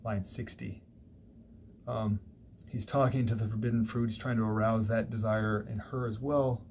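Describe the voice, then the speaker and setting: A man's voice: lowish voice, steady tone, normal speed, darkish tone, slight background noise. A man lecturing on a classic poem, conversational and digressive, thinking aloud with small restarts. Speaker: literature lecturer. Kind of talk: recorded university lecture. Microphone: single mic, recorded lecture.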